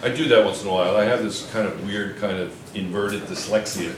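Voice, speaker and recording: A man's voice: lowish voice, steady tone, brisk, far from the mic, a little hiss or hum. A male chemistry teacher lecturing a class, repeating questions and calling on students by name. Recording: echoey classroom.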